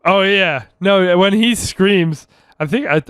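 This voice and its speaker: A man's voice: high-pitched, takes it slowly, fairly bright tone, clean tone, no room sound, clean studio sound. A man co-hosting a podcast in casual chat, swearing freely and laughing a lot. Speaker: podcast co-host.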